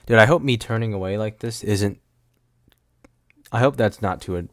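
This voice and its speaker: A young man hosts a solo podcast, rambling and sarcastic, often cutting himself off mid-thought. His lowish voice has a fairly bright tone and a moderate pace, captured in dry, studio-quality sound through a mic with a windscreen.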